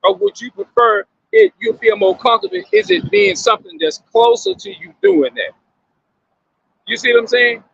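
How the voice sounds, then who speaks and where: Gravelly man musing aloud to viewers. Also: very high-pitched, very animated, normal speed, a bit bright, dry recording, lo-fi sound. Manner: questioning, repetitive, emphatic. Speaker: commentator addressing viewers. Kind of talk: casual monologue to viewers.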